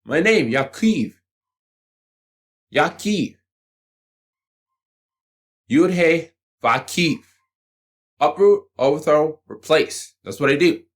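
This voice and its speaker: Blunt, swearing man ranting, lively pitch. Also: very slow, pauses often. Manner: blunt, combative, swears freely. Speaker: channel host. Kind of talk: profane motivational rant to camera.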